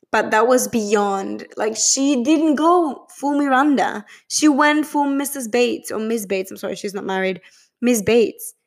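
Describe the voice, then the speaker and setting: Gushing woman vlogger. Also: fairly high pitch. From Spain. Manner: gushing, profane, chatty. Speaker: vlogger reviewing a film. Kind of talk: casual chat.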